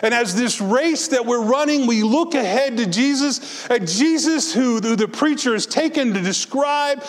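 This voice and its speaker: A man preaching a sermon as pastor, moving between impassioned exhortation and soft, reflective storytelling. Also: very high voice, lively intonation, moderate pace. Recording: long hall reverb.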